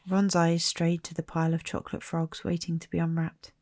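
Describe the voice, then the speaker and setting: A woman reading a storybook aloud in a soft, slow ASMR manner, partly whispered. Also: on the low side, completely flat delivery, dry recording. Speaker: storybook reader.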